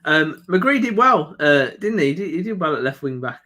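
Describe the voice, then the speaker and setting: An easygoing man co-hosting a fan football stream, his voice sitting a bit high for a man. He reads out viewer comments and upcoming fixtures in a relaxed, chatty way. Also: normal speed. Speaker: co-host reading donations and comments. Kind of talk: casual live stream reaction chat.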